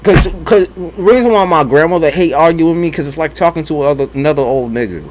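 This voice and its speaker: A young man, a tarot reader, chatting casually and bluntly between readings, profane and animated in his storytelling. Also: on the high side, quick pace, a little hiss or hum. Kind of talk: casual live-stream chat.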